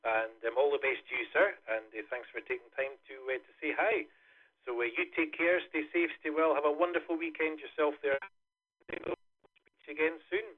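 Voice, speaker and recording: A man's voice: fairly high pitch, a little fast. A Scottish man hosting a ham radio net, chatting in a rambling way with many fillers. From Scotland. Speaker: net host. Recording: tinny radio link.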